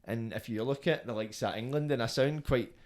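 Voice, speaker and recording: A man's voice: mid-range voice, brisk, darkish tone. A man hosting a podcast, chatting in a loose, rambling way. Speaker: podcast host. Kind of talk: casual podcast interview.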